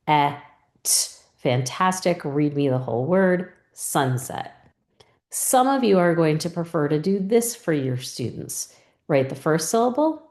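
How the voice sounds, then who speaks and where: Low, slow-speaking woman teacher. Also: reverberant. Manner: calm, step-by-step modeling of teacher and student turns. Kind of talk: instructional lesson.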